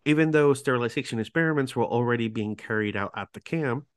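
A man's voice: medium pitch, fast, smooth, no room sound, studio quality. A man hosting a podcast, reading prepared narration with casual asides and stumbling over foreign words. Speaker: podcast host.

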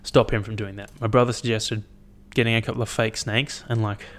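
A young man with a slightly low-pitched voice rambles to camera in a loose, unscripted monologue. He is blunt and swears freely, with plenty of "like" and "um", and wanders from thought to thought. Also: level tone, brisk. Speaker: vlogger.

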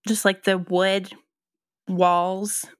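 A woman's voice: medium pitch, flat delivery, drawn-out words, clean tone, no echo, clean studio sound. A woman co-hosting a podcast, musing casually with many ums and restarts. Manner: thoughtful, hesitant, many ums and likes. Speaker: podcast co-host. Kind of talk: casual chat.

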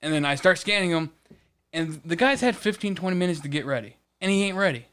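A man's voice: high voice, quick pace, smooth. A man co-hosting a casual podcast, telling a work story with lots of swearing. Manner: profane, animated storytelling. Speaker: podcast co-host. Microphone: studio podcast mic.

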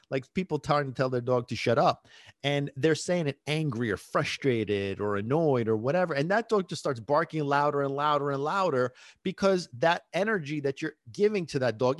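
A man's voice: a little high, dry recording, clean studio sound. A man hosting a dog-training podcast, talking casually and rambling into side tangents, laughing at his own stories.

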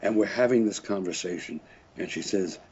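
A man's voice: low-pitched, moderate pace, darkish tone, breathy edge. An older man, a French horn player, telling rambling anecdotes in a casual interview, often chuckling and correcting himself. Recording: dull lo-fi recording.

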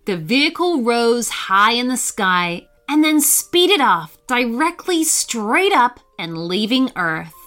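A woman narrating a bedtime story for children, reading slowly and expressively. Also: fairly high pitch, very animated, fairly bright tone, faint music behind.

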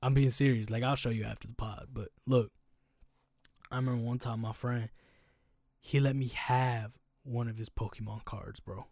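A young man in casual podcast chat, telling stories with lots of slang and animated bursts. His voice sits at a middling pitch. The sound is dry and close, with no room echo. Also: normal speed. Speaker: podcast co-host.

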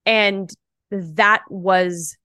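Young adult woman, podcast guest; chatty, animated storyteller leaning on "like", mid-pitched voice, close dry sound. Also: very slow, no room sound. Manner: animated, chatty, full of "like" fillers. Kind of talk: casual storytelling.

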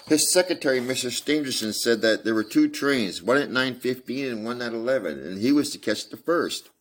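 A man's voice: medium pitch, animated, brisk, voice pushed up, natural voice. A man reading the part of an older mother, agitated and pleading, in a slightly raised voice. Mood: anxious. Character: Mrs. Carpentier, distressed older mother.

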